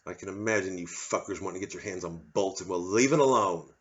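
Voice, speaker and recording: A man's voice: sits low, fast, fairly bright tone. A man doing a profane, sardonic ranting monologue as a comedian. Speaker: comedian doing a solo show. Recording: slightly dull lo-fi audio.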